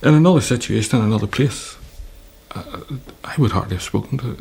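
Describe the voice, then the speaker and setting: Irish man, former hostage, interview, gravelly and very husky voice, low-pitched. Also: animated, fairly quick, a little mellow. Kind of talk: reflective interview recollection.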